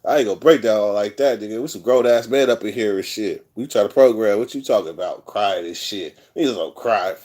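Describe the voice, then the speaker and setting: A man's voice: on the low side, a little fast, few pauses, a little mellow. Profane, rambling man. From California. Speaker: vlogger telling prison stories. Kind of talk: casual storytelling monologue.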